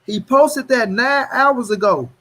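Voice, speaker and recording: A man's voice: very high voice, slow, sharp tone, poor audio. A man hosting a boxing commentary channel, ranting in a casual, profane way, repeating lines for stress and talking straight to his viewers in street slang.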